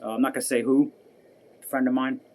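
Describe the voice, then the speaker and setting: A man sits alone venting to his viewers in a heated, profane rant. He repeats his points and swears often, and his tone never settles into calm. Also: mid-range voice, fast talker. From United States. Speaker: vlogger. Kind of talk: angry personal rant to camera.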